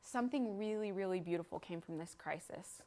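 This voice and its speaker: A woman's voice: on the low side, fairly quick, darkish tone. A woman in her thirties giving an earnest talk to a live audience, telling a story and guiding them through an exercise. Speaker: speaker at a library event.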